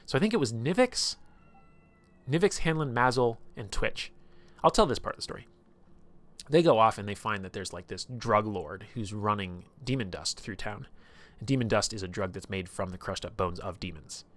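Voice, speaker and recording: Low-voiced man rambling through a game recap. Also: normal speed. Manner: rambling and animated, full of "like" and swearing. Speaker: streamer recapping a tabletop campaign. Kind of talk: casual storytelling on a live stream.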